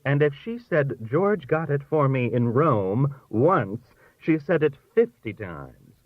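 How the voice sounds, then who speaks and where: A man's voice: mid-range voice, sing-song, takes it slowly, no echo, pitched above the performer's own voice. A man reading aloud and voicing a scornful, theatrical middle-aged wife who complains dramatically. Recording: thin phone-like dry sound.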